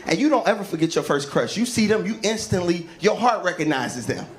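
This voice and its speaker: A male stand-up comedian telling a story on stage, animated and laughing through his lines, into a handheld mic before a live audience. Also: high voice, fairly quick. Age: adult, grown since school. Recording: live club with crowd and noise.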